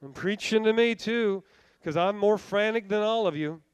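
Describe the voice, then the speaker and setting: Fervent high-voiced male preacher. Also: normal speed, clear, resonant tone, dry recording. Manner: fervent, self-deprecating preaching with repeated phrases. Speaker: pastor. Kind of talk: sermon.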